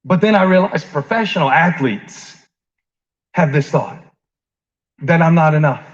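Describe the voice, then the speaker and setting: A man preaching a conversational sermon. He asks the congregation questions, jokes with them, and shifts between quiet stretches and rising emphasis. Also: fairly high pitch, measured pace. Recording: dull lo-fi sound.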